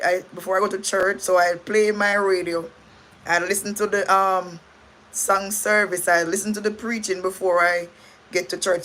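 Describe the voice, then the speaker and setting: A middle-aged Jamaican woman talks casually on her livestream, with a bright, sharp-edged voice at an ordinary pitch. She rambles and restarts her sentences and thanks her viewers between thoughts. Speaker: livestream host.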